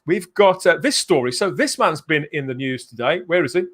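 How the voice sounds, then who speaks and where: A man hosts a live stream in a very animated voice that swings up and down. He is excitable and jokey and laughs often. His pitch sits a little high. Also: fairly quick. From England. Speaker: livestream host. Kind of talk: casual live show chat.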